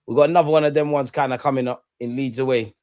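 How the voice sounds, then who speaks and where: A man streaming a live football watchalong, talking in excitable, gloating banter full of slang. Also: mid-range voice, fast, clean tone, no room sound.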